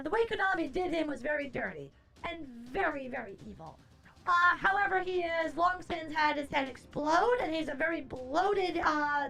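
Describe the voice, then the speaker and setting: Brash, high-pitched woman streamer ranting. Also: vocal fry, a bit bright. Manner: theatrical, playful. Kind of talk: casual live-stream chat with viewers.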